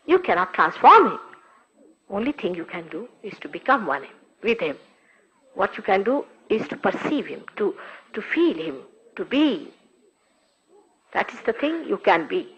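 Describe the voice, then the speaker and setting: A woman's voice: a little high, animated, a little slow, pauses often, a bit bright, breathy edge. An older woman, a spiritual teacher, giving a recorded talk with emphatic, scolding rhetorical questions. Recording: dull lo-fi archive recording.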